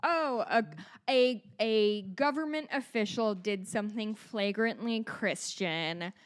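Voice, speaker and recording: A woman's voice: mid-range voice, slow pace, clear, resonant tone, no room sound. A woman co-hosting a podcast in casual discussion, with dry, teasing banter. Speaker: podcast co-host.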